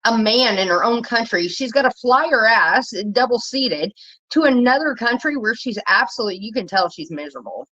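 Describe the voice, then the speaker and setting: A woman's voice: expressive, a little fast, bright, forceful tone. A woman rants bluntly and profanely, wandering from point to point, her voice climbing sharply when she gets fired up. The sound is a little dull and lo-fi, like a basic home setup. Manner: blunt, profane, rambling, rising pitch when worked up. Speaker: commentary vlogger. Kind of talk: casual ranting commentary.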